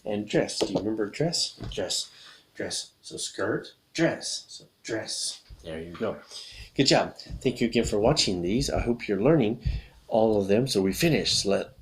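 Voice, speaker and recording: A man's voice: lowish voice, animated. A man teaching English vocabulary to children, explaining a card game and drilling words with gestures in a patient, repetitive way. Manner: patient, repeats words slowly for young learners.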